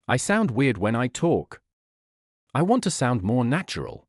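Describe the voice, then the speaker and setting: A man's voice: medium pitch, big pitch swings, unhurried, no room sound, clean studio sound. A man voicing a shy young immigrant guy. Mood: unsure. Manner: hesitant, quiet. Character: shy young male immigrant software tester.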